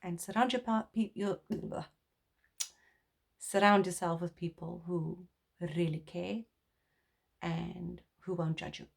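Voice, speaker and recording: A woman's voice: on the low side, steady tone, slow pace, vocal fry, pauses often. A young woman from South Africa talking earnestly and from the heart to camera in a personal vlog, rambling with restarts. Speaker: vlogger.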